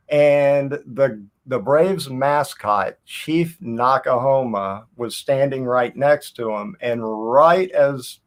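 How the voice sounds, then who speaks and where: A man in his fifties from Tennessee, a guest telling long stories in a relaxed chat over a video call. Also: medium pitch. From Tennessee, USA. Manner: unhurried, rambling storyteller. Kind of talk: casual chat.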